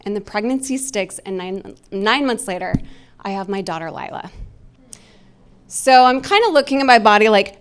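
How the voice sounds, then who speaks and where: A woman's voice: medium pitch, expressive, moderate pace, smooth. A woman in her forties doing storytelling stand-up from a club stage, her voice sitting in a middle register. She talks candidly and mocks herself, laughing her way through a personal story. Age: 40s. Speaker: stand-up comedian.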